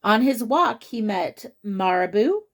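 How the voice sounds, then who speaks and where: A woman's voice: mid-range voice, very animated, slow pace. A woman reading a picture book aloud to children, chatting and asking them questions along the way. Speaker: children's story reader.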